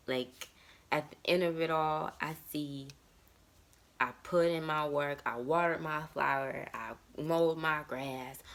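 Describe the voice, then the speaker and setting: A woman's voice: extremely low pitch, vocal fry. A woman in her thirties talking candidly and emotionally about her life in a personal vlog monologue. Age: 30s. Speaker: vlogger.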